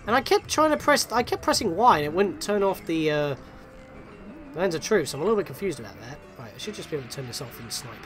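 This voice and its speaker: A man's voice: fairly high pitch, lively intonation, quick pace, faint music behind. A man hosting a gaming channel, giving chatty, self-deprecating let's play commentary and reacting with surprise.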